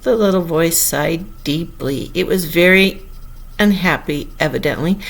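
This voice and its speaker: A woman narrating a classic storybook aloud as an audiobook, in an expressive, unhurried manner. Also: fairly low pitch, creaky. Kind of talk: audiobook reading.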